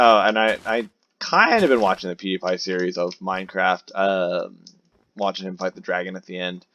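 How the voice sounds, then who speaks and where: A man's voice: deep voice, a bit bright. A man giving casual gameplay commentary as a new content creator, rambling and chatty with many fillers. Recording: dull lo-fi recording.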